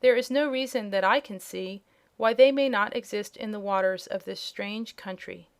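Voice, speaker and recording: A small older wizard talks in a calm, measured, explaining manner. He sounds genial and frank, as a woman reading the story puts him on. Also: mid-range voice, close to an everyday voice. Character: little old humbug wizard, man, genial. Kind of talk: audiobook character voice.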